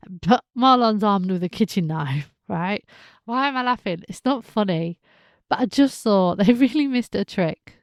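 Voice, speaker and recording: Female podcast host, casual soap recap, animated, slips into characters' voices; slight fry, dry close mic. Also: mid-range voice, a little slow, no room sound. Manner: chatty, animated, acts out characters' lines.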